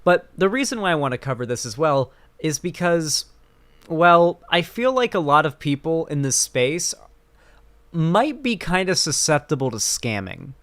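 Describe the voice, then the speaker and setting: A man's voice: fairly high pitch, sing-song, unhurried, fairly bright tone. A man hosting a casual commentary stream, talking in a rambling, sarcastic way with many fillers.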